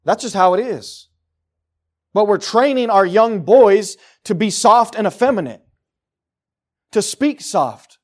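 A man preaching a sermon to his congregation in church, swinging from loud declarations to quiet, low asides. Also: animated, slow, long pauses. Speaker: pastor.

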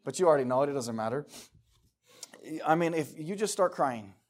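A man's voice: fairly high pitch, expressive, brisk. A middle-aged man preaching a casual sermon, talking conversationally and emphatically and acting out the voices he quotes.

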